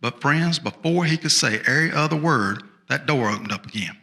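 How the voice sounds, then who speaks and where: A man's voice: on the high side, animated, a little fast, gravelly, sharp tone. A man telling a folksy tall tale as a small-town sheriff, drawling and chatty, with repeated asides to the audience. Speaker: storyteller. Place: storytelling festival stage.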